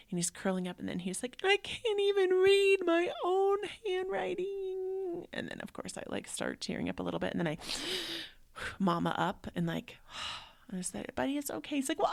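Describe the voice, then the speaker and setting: A woman in her thirties shares a personal story in a loose, emotional way and keeps slipping in "like." Her lowish voice often drops into a gravelly fry. She talks as a casual host, not from a script. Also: dry recording. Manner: emotional, rambling, frequent "like" fillers. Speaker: yoga teacher and show host.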